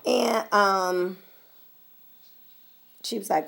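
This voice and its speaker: An American woman vlogging in a blunt, sassy, animated way, cursing freely as she talks to her viewers. Her voice sits a little low and carries a strong gravelly fry. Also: unhurried. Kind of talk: casual straight-talk vlog.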